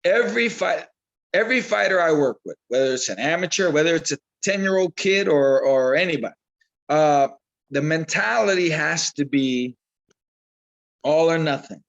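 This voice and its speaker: Man, boxing trainer, slightly high voice, chatty storyteller who repeats himself. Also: normal speed, vocal fry, lo-fi sound. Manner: animated storyteller, repeats himself, acts out quotes. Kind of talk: casual interview talk.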